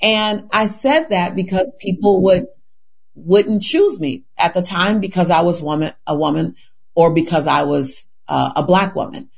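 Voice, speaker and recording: A woman's voice: on the low side, measured pace, gravelly, darkish tone. Earnest woman speaking with passion. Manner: earnest, rhetorical questions, repeats words and restarts. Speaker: interview guest. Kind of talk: impassioned interview answer. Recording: dull lo-fi recording.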